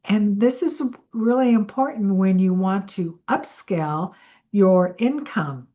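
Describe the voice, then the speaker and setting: Slow, mellow-voiced woman coach. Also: medium pitch, expressive, highs cut off. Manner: chatty and rambling, with self-corrections. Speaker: money mindset coach. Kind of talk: casual teaching with a guided breathing exercise.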